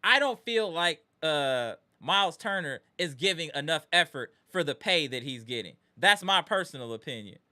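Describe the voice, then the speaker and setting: Bright-voiced man hosting a live sports reaction. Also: a little high, lively intonation, moderate pace, few pauses. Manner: greets chat viewers by name, swings between weary muttering and heated ranting. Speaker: live-stream host.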